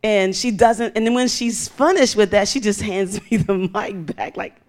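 A woman's voice: mid-range voice, normal speed, a little mellow. A middle-aged woman pastor preaching a sermon, telling stories with animation and acting out voices.

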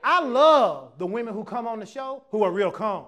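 A man preaching a lively sermon to a church congregation, talking casually and acting out other people's voices as he goes. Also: sits high, moderate pace. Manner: animated preaching, acts out quoted voices, casual dialect. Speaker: pastor.

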